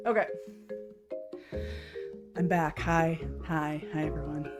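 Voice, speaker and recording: A woman's voice: mid-range voice, expressive, normal speed. Chatty woman streamer over faint music. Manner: chatty, laughs often, reads chat aloud. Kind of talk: casual chat with viewers. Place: home room.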